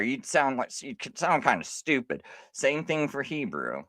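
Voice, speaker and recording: Guy on a live stream arguing his point, lively swoopy voice, dry close sound, keeps restarting. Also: medium pitch, no echo. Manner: animated, insistent, halting restarts. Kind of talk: casual live-stream argument.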